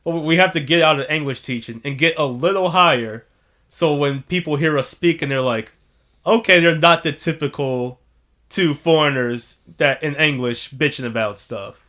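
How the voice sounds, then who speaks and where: A man's voice: a little high, normal speed, sharp tone. A man co-hosting a podcast, talking loosely, laughing and swearing freely. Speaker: podcast co-host. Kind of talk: casual chat. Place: living in Japan.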